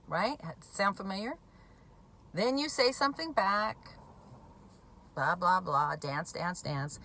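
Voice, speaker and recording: Blunt, bright-voiced woman talking to camera. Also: mid-range voice, slow, long pauses. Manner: blunt, emphatic, swears freely. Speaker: recovering alcoholic speaking on addiction. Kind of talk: direct-to-camera talk.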